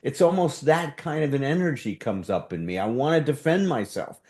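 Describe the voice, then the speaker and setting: A man's voice: mid-range voice, lively intonation, normal speed, a little mellow. A man teaching a relationship workshop in a conversational way, sometimes acting out what defensive speech sounds like. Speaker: workshop leader.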